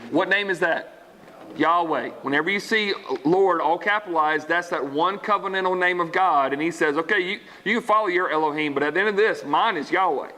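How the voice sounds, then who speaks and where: A man preaches from scripture in a high, lively voice. He reads the passage, then breaks off to explain it and acts out its characters. He keeps turning to his listeners with questions. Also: brisk. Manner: animated, acts out voices in the story, asks the congregation questions. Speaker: pastor. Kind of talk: sermon reading and explaining scripture.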